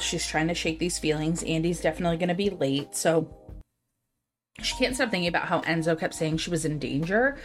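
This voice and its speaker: A woman co-hosting a book podcast, retelling a thriller's plot in a candid, animated way, swearing now and then. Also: fairly low pitch. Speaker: podcast co-host. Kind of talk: casual book discussion.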